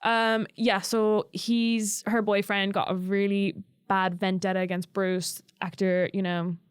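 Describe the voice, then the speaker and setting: A woman's voice: mid-range voice, level tone, smooth, no room sound. Chatty young woman co-hosting a podcast, dry sound. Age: 20s. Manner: chatty, enthusiastic, quick to laugh. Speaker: podcast co-host. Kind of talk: casual chat.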